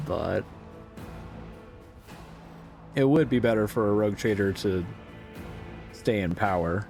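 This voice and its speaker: A man's voice: lowish voice, fairly quick, a little mellow, faint music behind. Casual man streaming a game. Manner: casual, mutters reactions and skips text. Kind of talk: live game playthrough with reading aloud.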